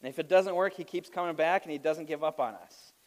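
A man's voice: on the high side, brisk. A man preaching a sermon, opening with a funny personal story and laughing at himself as he goes. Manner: animated storytelling with self-deprecating laughs. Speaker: pastor.

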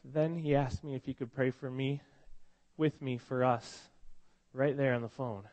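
A man's voice: mid-range voice, fairly even intonation, measured pace, darkish tone. A man preaching a sermon to his congregation, telling stories in a conversational, heartfelt way with many restarts, while he has a cold. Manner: conversational, emotional storytelling with frequent restarts. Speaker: pastor. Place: church congregation meeting in a school.

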